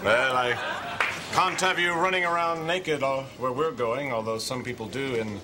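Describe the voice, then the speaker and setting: A man's voice: mid-range voice, moderate pace, noisy background. A man playing a bumbling spoof male spy hero in a comedy sketch.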